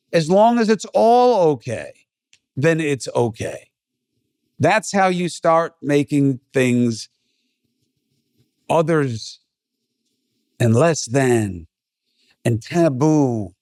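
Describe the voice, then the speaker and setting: A middle-aged man talks straight into the mic in a blunt, emphatic podcast monologue. His pitch sits in an ordinary male middle range. The sound is close and dry, with no room around it. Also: a little mellow, no room sound. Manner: blunt, conversational, emphatic, swears. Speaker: podcast host. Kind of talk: opinion monologue.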